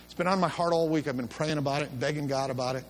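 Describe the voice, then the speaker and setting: Middle-aged guy preaching at a church service, folksy storyteller, chuckles a lot, pitch a bit high. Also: fast, slight background noise. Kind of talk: sermon with storytelling.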